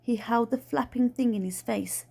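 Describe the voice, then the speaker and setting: A woman reading a children's book aloud in a plain, steady storytelling way. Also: fairly high pitch, moderate pace, vocal fry, husky. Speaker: reader.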